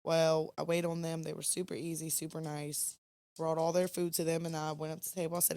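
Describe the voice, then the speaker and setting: A young woman in a casual late-night podcast chat, telling her story with plenty of fillers. She sounds tired, and her voice sits a bit low. The recording is dry and close. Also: flat delivery, brisk, gravelly, dark tone, no room sound. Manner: chatty, rambling storyteller with fillers. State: tired, yawning at 2 AM. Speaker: podcast co-host.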